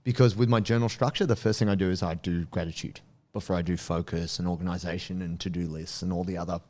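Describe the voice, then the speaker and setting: A man, a podcast guest and coach, telling stories in animated casual chat and laughing easily. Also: low voice. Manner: animated storyteller, quick to laugh. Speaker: guest, strength and martial arts coach.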